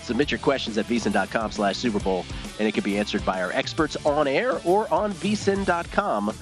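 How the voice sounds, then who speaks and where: A man's voice: mid-range voice, expressive, a little fast, music in the background. A man hosting a sports betting show in an easygoing, chatty manner.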